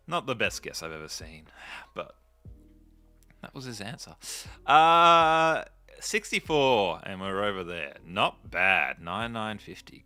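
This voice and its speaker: A man's voice: fairly low pitch, expressive, unhurried, bright, forceful tone, faint music behind. A man chatting and joking casually while playing a game, rambling into stories as he goes. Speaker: gaming video host. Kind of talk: casual gameplay commentary.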